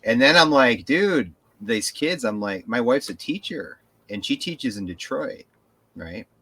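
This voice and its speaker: Bright-toned male podcast co-host, casual, rambling and profane. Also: medium pitch, unhurried, breathy edge. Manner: rambling, animated storytelling with profanity. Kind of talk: casual chat.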